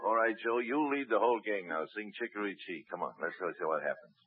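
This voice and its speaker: A jovial man hosts live radio, coaxing his guests along with frequent chuckles. His voice swings lively up and down. The sound is a thin, phone-like 1940s broadcast buried in heavy hiss. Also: on the low side, fast talker. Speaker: radio show host. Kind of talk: live radio variety chat.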